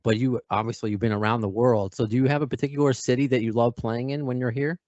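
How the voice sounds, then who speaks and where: A man with a New York accent hosts a casual podcast, rambling a little and joking at his own expense. His voice is in a middle pitch. The sound is dry and slightly muffled. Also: steady tone, quick pace, darkish tone, dry recording. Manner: chatty, self-deprecating. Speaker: podcast host. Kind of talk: casual interview chat.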